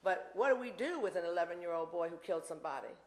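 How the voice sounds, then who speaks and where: A woman's voice: on the low side, expressive, racing. Impassioned woman in her sixties, echoey hall. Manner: impassioned, blunt, rambling with asides. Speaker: invited speaker. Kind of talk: campus talk with audience Q&A. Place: university lecture room.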